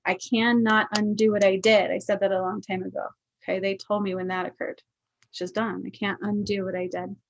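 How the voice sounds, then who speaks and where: A woman's voice: medium pitch, little pitch movement, fairly quick, dry recording, low-quality recording. A woman giving a casual livestream card reading, earnest, often checking in with her viewers. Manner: earnest, keeps checking in with "okay?". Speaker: spiritual card reader.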